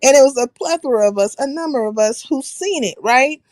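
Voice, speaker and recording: A woman hosts a casual live stream, speaking bluntly and swearing freely while pausing to shout out viewers by name. Her voice is high-pitched and expressive, with no echo.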